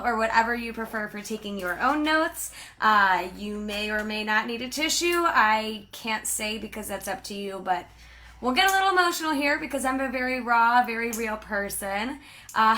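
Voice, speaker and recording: A bubbly woman hosts a live-streamed sales training and rattles along in a quick, chatty way. Her voice is bright and forward and sits a little high. She speaks into a webcam or phone mic. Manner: bubbly and chatty, talks fast. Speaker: sales team director and trainer.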